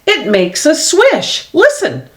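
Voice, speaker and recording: A woman voicing an eager little boy who insists on his own funny words for things, in a high pleading voice. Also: wildly swooping pitch, slow pace, heavily acted. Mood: insistent.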